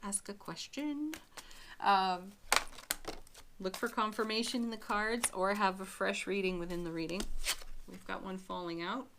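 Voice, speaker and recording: A woman giving a spiritual tarot reading to her viewers, speaking gently and often breaking into soft little laughs. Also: medium pitch, level tone, normal speed, background noise. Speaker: tarot reader.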